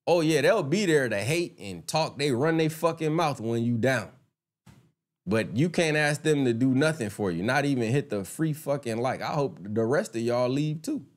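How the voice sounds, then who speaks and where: A man's voice: medium pitch, expressive, moderate pace. A man doing casual live-stream commentary, talking straight to his viewers, swearing freely and getting heated and indignant when he rants.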